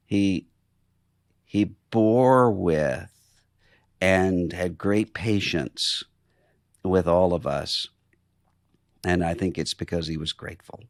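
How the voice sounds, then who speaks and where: Male podcast host, low and dry-sounding, thoughtful and earnest interviewer. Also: takes it slowly, long pauses, dry recording. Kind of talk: reflective interview conversation.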